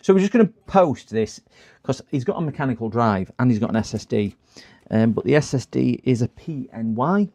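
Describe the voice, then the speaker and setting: A man's voice: medium pitch, creaky, warm tone. A man chatting casually with viewers on a live stream while repairing a computer, rambling and thinking aloud as he works.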